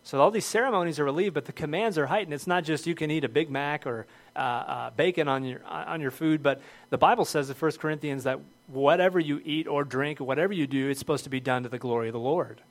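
Middle-aged male pastor, sermon delivery, earnest conversational preaching, slightly high-pitched. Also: fast talker.

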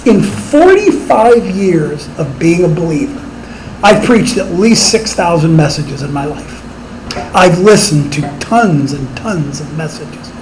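A man's voice: on the high side, expressive, unhurried, a little mellow, slight background noise, poor audio. A middle-aged man preaching a sermon as pastor, emphatic and rising on his rhetorical questions.

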